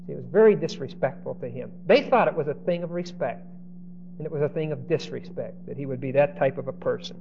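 A man preaching and teaching verse by verse, acting out the quoted speech of the people in the story with lively shifts, and often repeating words as he starts a line. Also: medium pitch, quick pace, creaky. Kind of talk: expository Bible teaching. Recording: dull lo-fi recording with faint hiss.

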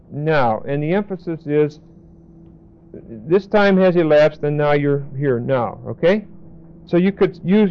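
Guy teaching bible verses real slow, repeats and spells out words, muffled old recording. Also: a little high, clear, resonant tone. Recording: dull lo-fi recording.

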